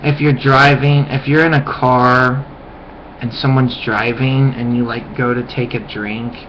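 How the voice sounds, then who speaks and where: A man's voice: little pitch movement, a little slow, a little hiss or hum. Young man rambling into a dull webcam. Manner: rambling, frequent "like" fillers; mocking high-pitched yelps when imitating friends. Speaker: vlogger. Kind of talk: casual webcam rant. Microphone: webcam mic.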